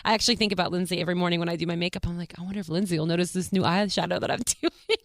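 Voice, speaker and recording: A woman's voice: lowish voice, fairly even intonation, racing, no room sound, studio quality. An American woman hosting her own podcast, chatting casually with a bubbly, gushing manner and frequent laughs. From United States. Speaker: podcast host.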